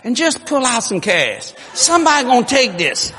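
A man preaching a sermon with jokes, swinging from low murmurs to loud shouts. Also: wildly swooping pitch, normal speed, noisy background. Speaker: pastor. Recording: long hall reverb, faint ambience.

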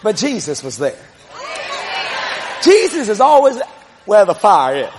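A man preaching a televised sermon to a congregation, shouting and telling stories. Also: sits high, sing-song, unhurried, a crowd in the background. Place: church service before a congregation. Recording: live congregation with loud laughter and noise.

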